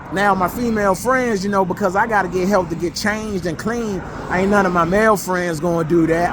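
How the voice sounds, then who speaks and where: A man's voice: sits high, brisk, hardly any pauses, noisy background. A man giving a blunt, emotional monologue, profane and repeating himself for emphasis. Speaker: vlogger.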